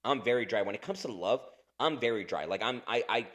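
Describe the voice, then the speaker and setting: A man's voice: on the low side, animated, brisk, a bit bright. A man in his thirties co-hosting a podcast in casual chat, rambling, swearing a lot and laughing often. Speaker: podcast co-host.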